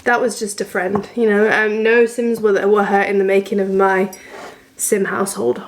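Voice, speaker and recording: A woman's voice: mid-range voice, little pitch movement, normal speed. A woman in her twenties chatting through a baking vlog in her home kitchen, rambling with self-mocking asides. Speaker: vlogger.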